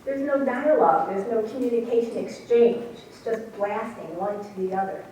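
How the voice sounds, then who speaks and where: A woman's voice: fairly high pitch, normal speed, warm tone. A middle-aged woman who once ran a radio station, telling a story to an audience and acting out the voices she quotes. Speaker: radio station manager recounting events. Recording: echoey room from far off, faint noise.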